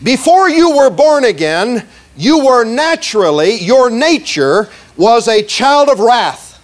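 A male preacher delivering a sermon, slowing down to stress words and leading the congregation in repeating lines, often asking "okay?". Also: extremely high pitch, sing-song. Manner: asks "okay?" and "see?" often.

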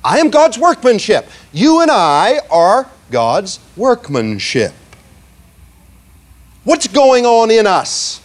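A male preacher delivering a sermon, slowing down to stress words and leading the congregation in repeating lines, often asking "okay?". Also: high voice, sing-song. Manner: asks "okay?" and "see?" often.

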